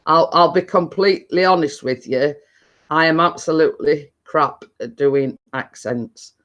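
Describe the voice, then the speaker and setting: Speaking a little slowly in a deep yet fairly bright voice, a middle-aged woman reads viewer names from her live stream chat. The audio is dull. She stays casual, laughs often, and trips over her words, restarting as she goes.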